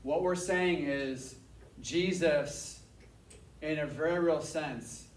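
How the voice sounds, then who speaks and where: A man giving a casual Bible lesson to a class, energetic and repeating his points for emphasis. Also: fairly high pitch, takes it slowly. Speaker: Bible teacher. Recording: echoey room, mic at a distance.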